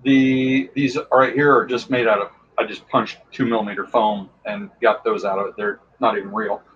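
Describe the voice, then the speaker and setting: A man's voice: on the low side, level tone, moderate pace, fairly bright tone, lo-fi sound, slight background noise. Chatty man explaining costume craft. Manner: enthusiastic, rambling, many fillers. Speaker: costume and prop maker guest. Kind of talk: casual how-to talk.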